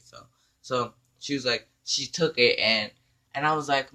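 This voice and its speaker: A man telling an animated, profane story in a storytime vlog, acting out the dialogue. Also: mid-range voice, measured pace, background noise. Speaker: vlogger.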